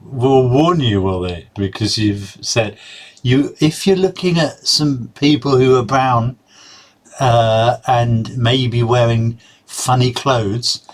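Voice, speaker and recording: Sardonic man reacting. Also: mid-range voice. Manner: sardonic, mocking asides. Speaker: reaction video host. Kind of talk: casual commentary.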